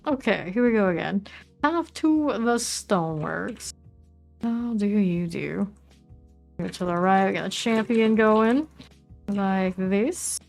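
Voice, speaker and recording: A woman with a Southern US accent, casually commenting while she plays a game, chatty and relaxed as she reads out item names. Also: mid-range voice. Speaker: streamer.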